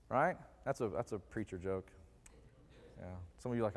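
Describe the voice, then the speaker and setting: A man's voice: fairly low pitch, normal speed, long pauses, slightly rough. A man preaching a conversational sermon in a church, joking and putting questions to the congregation. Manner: jokey, quizzes the congregation with questions. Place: church sanctuary. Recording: long reverb of a church hall.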